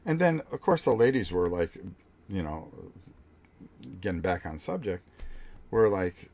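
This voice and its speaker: Older man ranting in a deep voice. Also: unhurried. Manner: animated, blunt, profane storytelling with many restarts. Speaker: vlog host. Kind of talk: casual ranting story.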